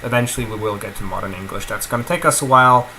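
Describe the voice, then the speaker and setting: A man teaching a video lesson on grammar, explaining in an animated, emphatic way and acting out example sentences. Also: lowish voice, very fast, a little hiss or hum, rough recording. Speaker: language teacher.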